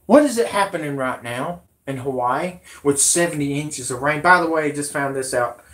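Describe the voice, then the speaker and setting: A man's voice: a little high, animated, moderate pace, a bit bright. A man hosting a vlog, ranting in a rambling, indignant way and swearing. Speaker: vlog host.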